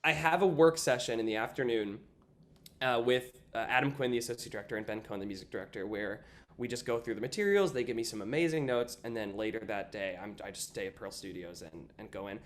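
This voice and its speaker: A young man in an interview, telling a story in a lively casual way, often saying "like" and acting out what people said. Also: lowish voice, quick pace. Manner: animated, acts out quoted voices, frequent "like". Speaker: guest, stage actor.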